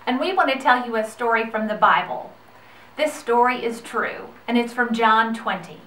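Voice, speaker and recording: A woman telling a true Bible story to children in a gentle, expressive way. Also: a little high, normal speed. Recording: echoey room, far from the mic.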